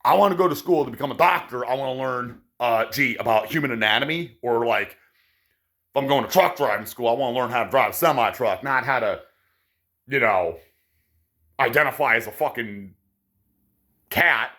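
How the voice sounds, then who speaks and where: A man's voice: mid-range voice, moderate pace, long pauses, bright, forceful tone. A man delivering a profane, sarcastic ranting monologue to his viewers. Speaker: vlogger.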